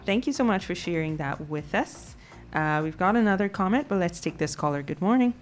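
A woman hosts a call-in radio show, thinking aloud and weighing each point with soft fillers. Her voice sits lower than most women's, and faint music plays beneath her. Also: expressive, a little fast. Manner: thoughtful, warm filler-laden musing. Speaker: radio talk show host.

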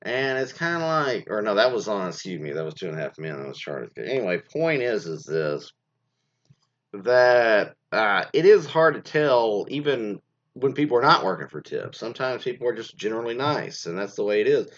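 Brief: a low-pitched man, animated and digressive, chatting through story readings on a dull lo-fi mic. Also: moderate pace. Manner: rambling, filler-heavy, digressive. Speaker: commentator reading stories aloud. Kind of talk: rambling casual commentary.

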